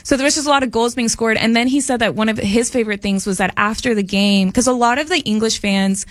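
A woman's voice: fairly high pitch, quick pace, dry recording, clean studio sound. A woman co-hosting a morning radio show, telling a family story in a chatty way with lots of fillers. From family from Mexico. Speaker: radio co-host. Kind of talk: casual morning radio chat.

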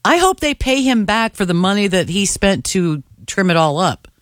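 Woman co-host asking quick questions. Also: medium pitch, very animated, no room sound, studio quality. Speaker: radio co-host. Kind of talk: casual radio chat.

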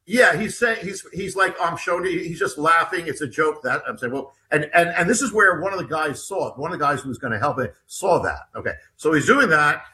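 Bright-voiced man with a rambling story. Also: a little high, lively intonation, fairly quick, few pauses. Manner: rambling, with many restarts and repeated words. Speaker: author and interview guest. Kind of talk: telling a personal story in an interview.

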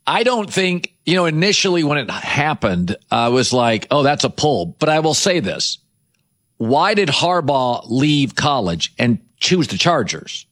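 A man hosting a sports talk show, delivering an opinionated monologue with rhetorical questions and quick asides. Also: fairly high pitch, very animated, fairly bright tone. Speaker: sports radio host.

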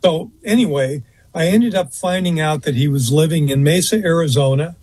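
A husky man tells a long story as an interview guest, rambling a little and filling pauses with uh and um. His voice sits a touch high for a man. The sound is close and dry. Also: darkish tone, no echo. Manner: rambling, fills pauses with uh and um, restarts. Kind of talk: anecdotal storytelling in conversation.

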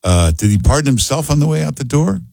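Male radio host, blunt and sarcastic, husky and dry. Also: medium pitch, big pitch swings, fast, dark tone, no room sound. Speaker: radio talk show host. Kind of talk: call-in talk radio.

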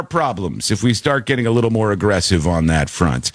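A man hosting a talk show, chatting casually in a rambling, animated way and laughing often. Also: fairly low pitch, fairly quick, hardly any pauses, no room sound, studio quality. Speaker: radio show host.

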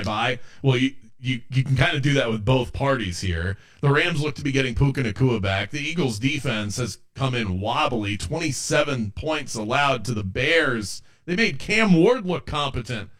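A man talking through game picks on a sports betting podcast. His delivery is confident and analytical, with a punchy rhythm. His voice sits at a plain middle pitch. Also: a bit bright.

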